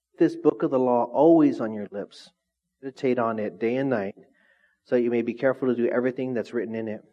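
A man preaching a sermon to a congregation in a relaxed, conversational way, often asking the room questions. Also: medium pitch, lo-fi sound. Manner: conversational, lively, asks the audience questions. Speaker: pastor. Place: church hall with congregation.

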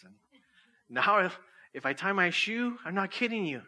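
A man's voice: mid-range voice, very animated, quick pace, pushed and bright. A middle-aged man preaching a sermon, casual and jokey, laughing at himself, then reading scripture and praying. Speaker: pastor.

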